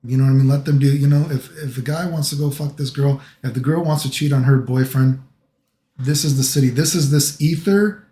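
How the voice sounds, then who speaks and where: A middle-aged American man talks in a loose, rambling monologue, leaning on filler phrases again and again. His voice sits at an ordinary middle pitch. The room around him rings with noticeable echo. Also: fairly even intonation, brisk, dark tone. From United States. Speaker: vlogger.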